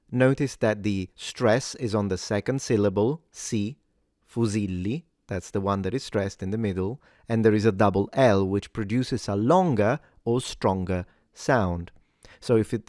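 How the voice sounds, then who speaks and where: A man hosting a pronunciation lesson, speaking clearly and deliberately, and slowing down to model each word. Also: fairly low pitch, darkish tone, no echo, studio quality. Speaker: pronunciation teacher.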